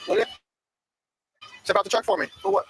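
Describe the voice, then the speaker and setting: A male police officer at an outdoor traffic stop who speaks firmly and calmly, repeating his orders, recorded on a body camera. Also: sits high, fairly quick, gravelly, over music.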